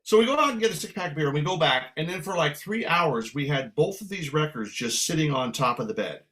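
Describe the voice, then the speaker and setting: A man with a slightly higher voice tells a story as a guest. He is from San Francisco and talks with animated energy. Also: fast talker. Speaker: guest musician. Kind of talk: casual storytelling.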